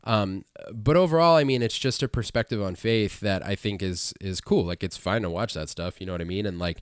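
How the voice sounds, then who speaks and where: Smooth-voiced rambling man, casual chat. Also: lowish voice, brisk, dry recording, studio quality. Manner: rambling, animated, lots of fillers and restarts. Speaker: podcast co-host.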